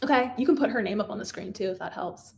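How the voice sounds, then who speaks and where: A woman in her thirties hosts a live craft stream, chatting through a giveaway in a fast, creaky, medium-pitched voice with slight background noise. Bubbly and talkative, she laughs often and apologizes whenever she trips over names.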